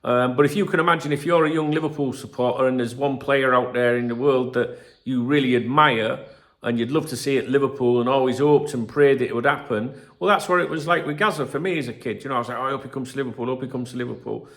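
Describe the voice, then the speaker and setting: A man's voice: medium pitch, quick pace. A man in his fifties hosting a football channel, talking casually to camera in a rambling, chatty way, full of asides and the odd swear word. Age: 50s. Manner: rambling, chatty, peppered with "you know what I mean" and swearing.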